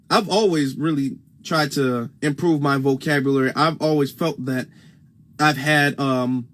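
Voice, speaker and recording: A man's voice: on the high side, a bit bright. A man with a Midwestern US accent hosting a casual livestream on a phone, emphatic and repeating his points for stress. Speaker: livestream host.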